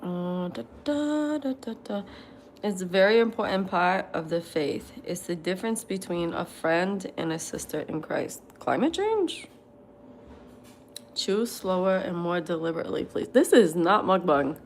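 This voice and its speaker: Blunt, slow-talking woman eating on a livestream. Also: on the low side, animated, a little hiss or hum. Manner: reads viewer comments aloud and answers them bluntly; laughs often and talks between bites. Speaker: livestream host. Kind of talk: casual livestream chat while eating. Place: at home at a table.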